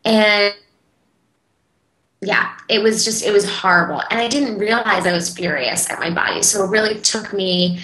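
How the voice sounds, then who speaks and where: A woman's voice: medium pitch, sharp tone, roomy sound, rough recording. A woman interview guest speaking in a casual, earnest and heartfelt way, with frequent fillers. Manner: earnest, heartfelt, talks in quick bursts with fillers.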